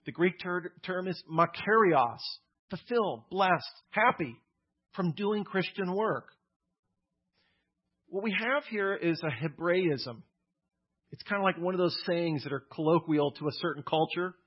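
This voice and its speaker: Guy preaching a sermon, chatty and plain, kinda husky voice, muffled lo-fi recording. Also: high-pitched, measured pace. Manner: conversational, plainspoken preaching with casual asides. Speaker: pastor.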